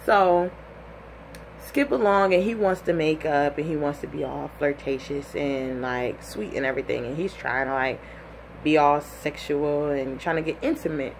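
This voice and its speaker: A young woman telling a personal story in a casual, animated way, full of "like" and acted-out quotes. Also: low-pitched, normal speed, a little hiss or hum.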